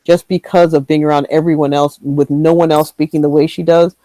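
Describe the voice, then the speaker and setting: Woman panelist, casual podcast chat, soft trailing delivery, dry close sound. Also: deep voice, little pitch movement, fairly quick, no room sound, rough recording. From Michigan, USA.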